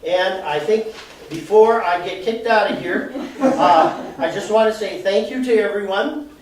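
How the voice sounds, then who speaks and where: A man with a fairly high voice gives a live, chatty talk to an audience, explaining things with everyday examples and laughing at himself now and then. He sounds far from the mic in a very echoey hall. A faint noise sits under the recording. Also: a little slow. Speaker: presenter. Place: arts center event room, indoors.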